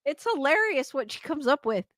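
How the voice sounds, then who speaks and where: A woman with a high, bright, sharp voice chats casually as a stream host, reading out comments and breaking into frequent laughs. The sound is close and dry, with no room around it. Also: sing-song, brisk, dry recording. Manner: chatty, laughs often, reads comments aloud. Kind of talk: casual chat.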